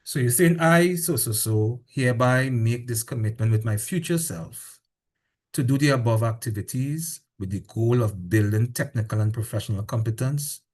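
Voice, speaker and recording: A man with a Trinidadian accent giving a university lecture, animated, repeating points and asking the class rhetorical questions. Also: mid-range voice, moderate pace.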